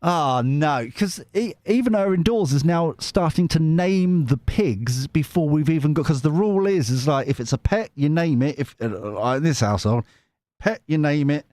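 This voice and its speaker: A man's voice: on the high side, lively intonation, moderate pace, a little mellow, no room sound. A man hosting a casual tarot live stream, chatty and giggly with lots of restarts.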